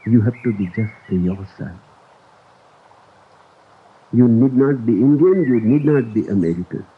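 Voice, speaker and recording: A man giving a spiritual discourse in a slow, deliberate and emphatic way, on an old recording. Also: mid-range voice, lively intonation, husky. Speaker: spiritual teacher. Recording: tinny lo-fi archive recording.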